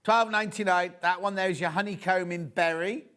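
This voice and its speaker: A man's voice: high voice, fairly even intonation, a little fast, a bit bright. A man hosting a live TV shopping show, chatting and gossiping enthusiastically as he shows fabrics. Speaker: shopping channel presenter. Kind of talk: live TV selling chat. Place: TV studio.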